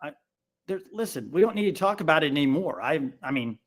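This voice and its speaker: A man's voice: a little high, expressive, brisk. A man co-hosting a live sports podcast, talking in a blunt, firm way and cutting in over his partner. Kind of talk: casual live-stream sports talk.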